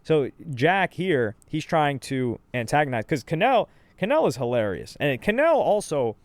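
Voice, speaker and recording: A young man with a slightly high voice and big swings in pitch co-hosts a casual show reacting to streamer clips. At a normal pace, he tells the backstory in loose slang, peppered with asides.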